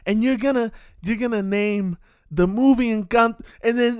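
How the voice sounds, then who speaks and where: A man's voice: extremely high pitch, moderate pace, clean tone, no room sound, clean studio sound. A man giving a casual, ranting monologue full of repeated rhetorical questions and streetwise slang.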